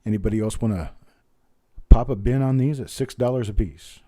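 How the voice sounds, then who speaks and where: A man hosting a live-streamed coin auction, calling bids quickly and chatting with viewers by name, his voice a little strained from talking. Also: on the low side, warm tone. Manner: rattles off bid calls fast, chats with viewers by name.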